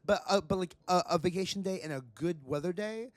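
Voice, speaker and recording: Animated man telling stories, dry sound. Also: high voice, fairly quick, no room sound. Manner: animated, profane storyteller with frequent restarts. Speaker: podcast co-host. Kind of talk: casual chat.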